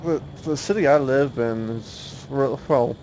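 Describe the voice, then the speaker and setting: A man's voice: mid-range voice, unhurried, a little mellow, slight background noise. A young man from the US South, a race broadcaster calling an online sim race in a chatty way and laughing often. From Oklahoma, US South. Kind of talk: sim racing commentary.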